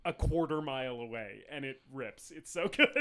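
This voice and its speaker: A man's voice: medium pitch, animated, normal speed, bright, forceful tone. A young man from rural Arizona co-hosting a film podcast, rambling with lots of fillers, swearing, laughing and acting out movie lines. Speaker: podcast co-host. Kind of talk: casual film podcast chat.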